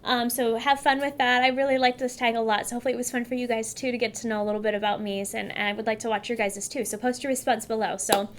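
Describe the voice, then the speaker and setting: Friendly woman from California, casual to-camera vlog chat, a touch high-pitched. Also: level tone, fast, hardly any pauses. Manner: chatty, upbeat, addresses viewers directly. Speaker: beauty vlogger.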